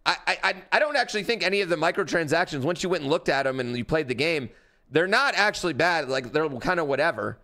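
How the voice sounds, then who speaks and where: A man's voice: a little high, lively intonation, fast talker, pushed and bright. A man streaming live, reacting in a blunt, rambling way, with lots of fillers and swearing. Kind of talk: casual livestream reaction chat.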